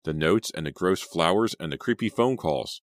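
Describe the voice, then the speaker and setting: A man voicing a frightened, quick-tempered teenage girl in an audiobook, his voice raised and emphatic. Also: lively intonation, dry recording, clean studio sound. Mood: angry. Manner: raised pitch, emphatic outbursts.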